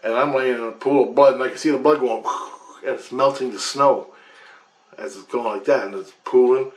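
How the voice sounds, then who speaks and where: A vlogger recounts his past-life recall in casual first person, using a mid-range voice with fairly even intonation at a fairly quick pace. He's emphatic, swears, and restarts as he goes. It's recorded on a computer webcam with a roomy echo.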